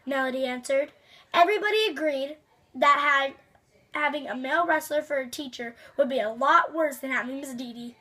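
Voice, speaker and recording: A woman's voice: high voice, moderate pace, bright, forceful tone. A young woman reading a children's chapter book aloud, with chatty asides to her listeners. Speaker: storybook reader.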